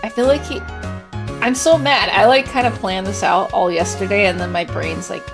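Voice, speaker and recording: A woman's voice: mid-range voice, moderate pace. A woman livestreamer chatting casually, giggly, with lots of filler words. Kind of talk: casual live-stream chatter. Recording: clear background music.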